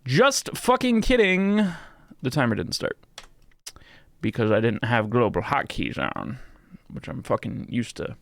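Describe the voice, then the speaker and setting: Gravelly swearing young male streamer. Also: medium pitch, unhurried, long pauses. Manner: animated, swears often, mock-scolding his pet. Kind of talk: casual live-stream chat.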